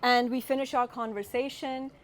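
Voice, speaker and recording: High-voiced wry British woman comedian. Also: flat delivery, moderate pace. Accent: British with a slight Californian tinge. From United Kingdom. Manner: wry, punchline-driven storytelling. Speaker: stand-up comedian. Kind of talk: stand-up comedy set.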